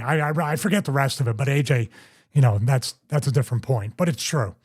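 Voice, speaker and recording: A man's voice: mid-range voice, a little fast, a little mellow, husky. A middle-aged man hosting a podcast, casually telling a story and acting out other people's quotes in raised voices.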